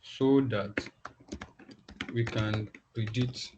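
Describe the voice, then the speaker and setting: A man teaching a class online, talking in halting phrases and often repeating words as he thinks aloud. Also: lowish voice, steady tone, background noise. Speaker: instructor. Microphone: video call. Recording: dull lo-fi video call audio.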